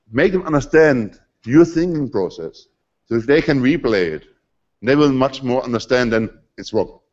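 A man in his forties with a German accent addresses a conference audience in a conversational, emphatic way. His pitch sits in the middle range. The recording is a bit dull and lo-fi. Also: a little mellow. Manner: conversational, emphatic, slightly non-native phrasing. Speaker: conference speaker. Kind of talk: live conference talk. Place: conference hall.

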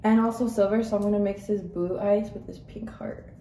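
A woman's voice: mid-range voice, steady tone, brisk, warm tone, echoey room, distant mic, a little hiss or hum, rough recording. A woman in her twenties from El Paso, telling a story in a casual, chatty way while doing her makeup, and swearing freely. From El Paso, Texas. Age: 20s. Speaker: vlogger. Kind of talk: casual get-ready-with-me storytelling.

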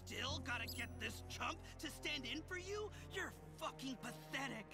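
An actor playing a bitter, scornful male demon heckler who rants, in an animated show. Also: very high-pitched, moderate pace, music in the background. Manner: scornful, ranting.

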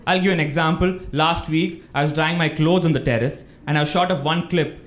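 The same young stand-up from India speaks briskly now, his voice on the high side with fairly even intonation. Laughing through his material and acting out phone calls, he plays to a live club audience in an echoey room full of loud laughter.

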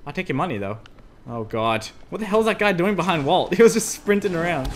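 A let's play commentator with a slightly high voice talks fast while playing a horror demo. He jumps at each fright, squealing and yelping "oh no" and "oh god" in excitable bursts. There's a little hum or hiss from his desk USB mic.

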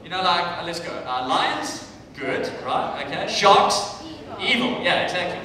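High-voiced South African comic in an echoey club. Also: male voice, very animated, measured pace, a crowd in the background. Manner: loud, swearing, bursts into shouted punchlines. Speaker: stand-up comedian. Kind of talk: stand-up comedy set. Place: comedy club stage with a laughing crowd. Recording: echoey club room taped from a distance.

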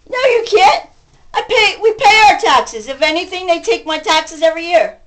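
A woman venting to camera in a profane rant, going from shouting to muttering. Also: very high voice, animated, normal speed. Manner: profane, ranting, swings between shouting and muttering. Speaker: vlogger. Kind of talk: angry venting monologue. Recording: voice distant from the mic.

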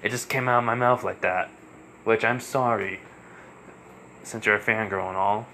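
Fan story: cool, aloof male hedgehog speedster, voiced by a man, bright-toned and dismissive. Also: fairly low pitch, fairly even intonation, normal speed, slight background noise.

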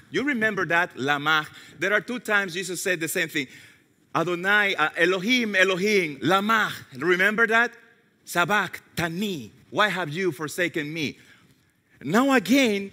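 Animated preacher man in a reverberant hall. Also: unhurried. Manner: animated storytelling, self-mocking humor, drops to a hushed low voice for quoted words. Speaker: pastor. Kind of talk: sermon. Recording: long reverb of a large hall.

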